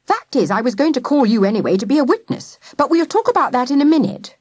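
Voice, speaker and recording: A woman's voice: sits high, sing-song, fast, a little mellow, dry recording, pitched above the performer's own voice. A woman reading the part of a harried, exhausted father, urgent and exasperated.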